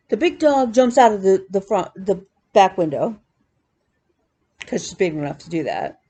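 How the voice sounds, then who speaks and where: A woman vlogging about her cross-stitch hobby, telling animated, chatty stories with laughs. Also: mid-range voice, normal speed, husky. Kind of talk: casual chat.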